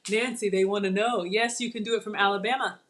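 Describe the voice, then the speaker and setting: A woman's voice: mid-range voice, steady tone, fast, fairly bright tone. A middle-aged woman, hosting a chatty live cooking demo and talking viewers through each step. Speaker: channel host.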